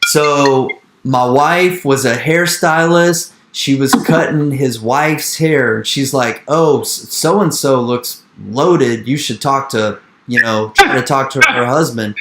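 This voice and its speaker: An energetic man in his thirties tells his story with drive, circling back on his own phrases and slipping into the voices of the people he quotes. His pitch sits in a middle range. The room around him rings with echo. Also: slow, hardly any pauses, music in the background. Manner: animated, repeats phrases, acts out quoted dialogue. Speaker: real estate investor speaking to an investor group.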